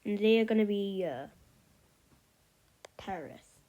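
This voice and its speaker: A woman's voice: mid-range voice, expressive, a little slow, mellow, lo-fi sound. A woman casually narrating a map scenario, rambling with lots of fillers and offhand remarks. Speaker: map video creator. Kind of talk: casual commentary over a map.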